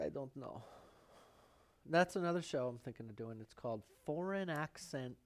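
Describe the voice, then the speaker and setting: In a painting studio, a man hosts a live painting show, chatting and cracking jokes to himself as he works. His voice is medium-pitched and expressive, moving at a normal speed. It's a rambling demonstration full of joking asides.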